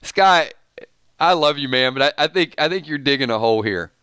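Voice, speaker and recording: A man's voice: a little high, animated, a little fast, pushed and bright, clean tone, dry recording, clean studio sound. A man hosting a casual live stream, reading viewer comments aloud and answering them in a laid-back way, often calling people "man". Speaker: host reading live chat.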